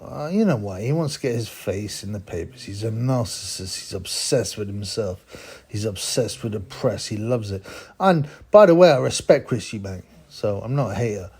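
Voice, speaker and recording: A man's voice: on the low side, expressive, normal speed, a little mellow, breathy edge. A man hosting a boxing channel, giving a rambling, opinionated commentary monologue full of asides and tags like "huh?" and "man".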